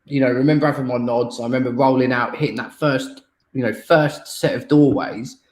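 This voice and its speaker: A man's voice: mid-range voice, fairly even intonation, a little mellow, reverberant, rough recording. Blunt, sweary man co-hosting. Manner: blunt, sweary, fast bursts. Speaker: co-host. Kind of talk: casual chat.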